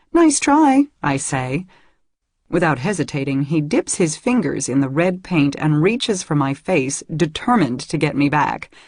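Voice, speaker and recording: A woman reads a first-person novel aloud in soft, intimate and hushed tones. Her voice is husky and breathy. The recording is dry, with no room around it. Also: sits low, dry recording. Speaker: audiobook narrator.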